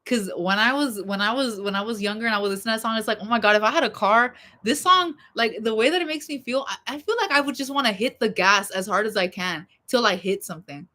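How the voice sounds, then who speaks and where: A woman's voice: on the high side, fast, few pauses, sharp tone. A young woman vlogger chatting casually about songs that move her, rambling with lots of fillers and laughing asides. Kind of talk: casual chat about music.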